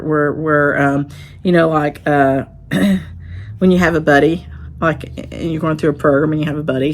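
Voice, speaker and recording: A middle-aged woman with a Southern Appalachian accent, chatting to camera about her stitching in a rambling, homey way. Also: deep voice. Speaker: shop owner and stitching vlogger. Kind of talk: casual chat to camera.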